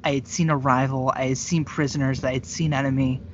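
A man's voice: mid-range voice, little pitch movement, fairly quick, a little hiss or hum. A man chatting casually on a podcast, rambling and laughing often. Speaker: podcast co-host. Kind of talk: casual chat. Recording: dull lo-fi sound.

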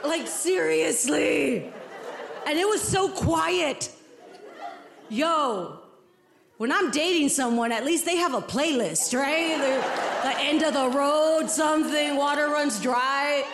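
A high-pitched woman tells a profane stand-up story, acting out every line of dialogue. She is heard in a roomy live venue with a loud, laughing crowd behind her. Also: slow pace, vocal fry, noisy background. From Mexican heritage. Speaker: stand-up comedian. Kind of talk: stand-up comedy set. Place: large venue before a live audience. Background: laughing audience.

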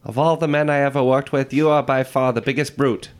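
A man's voice: medium pitch, fairly even intonation, fairly quick, clear, resonant tone, voice pushed up, close to an everyday voice. A man doing a haughty old-Hollywood actress. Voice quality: transatlantic accent put on. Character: haughty old-Hollywood actress, imperious, mid-Atlantic drawl.

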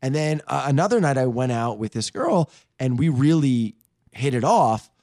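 A man guesting on a radio show, telling a dating story in a playful, animated way with easy laughs. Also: medium pitch, normal speed, no echo, clean studio sound. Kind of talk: casual storytelling chat.

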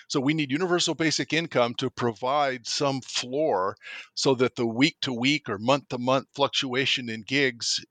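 A man's voice: mid-range voice, pushed and bright, no room sound. An older man, a professor and author, talking through ideas in a conversational interview, emphatic and thoughtful, often restarting his sentences. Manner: thoughtful, emphatic, repeats words when starting.

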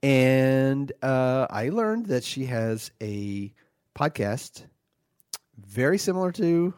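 A man's voice: mid-range voice, lively intonation, slow, darkish tone, clear, resonant tone, dry recording, clean studio sound. A man playing a petty, indignant devil who hosts a podcast from hell, talking in an aggrieved, flustered way full of false starts. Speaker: podcast host.

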